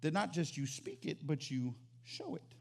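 A man preaching as pastor, animated, swinging from loud exclamations to quiet emphatic lines. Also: on the high side, moderate pace, gravelly. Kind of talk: sermon.

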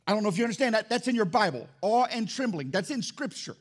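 Loud, high-pitched preaching pastor. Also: male voice, lively intonation, quick pace. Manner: loud, swinging between shouting and hushed. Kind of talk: sermon. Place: church sanctuary.

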